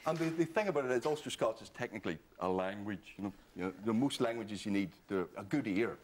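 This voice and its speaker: A man's voice: fairly low pitch, animated, fast. A man hosting a comedy panel show with dry, wry, scripted lines. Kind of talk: scripted comic presenting.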